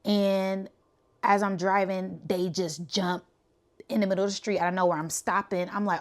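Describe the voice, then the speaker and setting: A woman from the Bay Area who tells a spiritual story in a casual, animated way and keeps checking in with "right?". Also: medium pitch, moderate pace. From Bay Area, California. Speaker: spiritual channel host.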